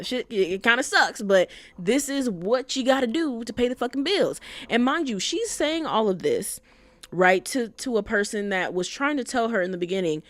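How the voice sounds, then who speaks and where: A woman's voice: medium pitch, no room sound. Chatty, slangy young woman, dry sound. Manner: chatty and opinionated, slangy, swears freely. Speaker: anime commentator. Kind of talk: casual commentary.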